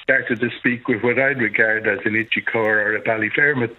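A man's voice: medium pitch, steady tone, fairly quick, a little hiss or hum. A man with a Dublin accent calling in to a radio show, chatty and rambling, laughing between points. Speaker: caller. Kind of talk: phone-in chat. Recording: husky voice over a phone line.

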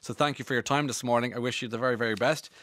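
A man's voice: medium pitch, fairly even intonation, very fast, a bit bright. A man with an Irish accent hosting a radio interview in a chatty, friendly way, often restarting his sentences. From Ireland. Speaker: radio host. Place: radio studio.

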